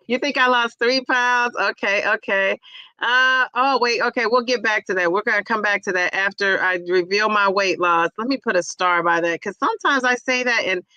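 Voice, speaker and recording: A woman's voice: medium pitch, moderate pace, pushed and bright, smooth, dry recording, lo-fi sound. A middle-aged woman hosting a casual livestream, chatty and laughing often as she greets viewers by name. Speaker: livestream host reading chat. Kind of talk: casual live chat.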